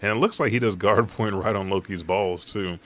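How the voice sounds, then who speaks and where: A man's voice: lowish voice, normal speed, a bit bright. A man casually recapping a manga chapter, rambling and swearing.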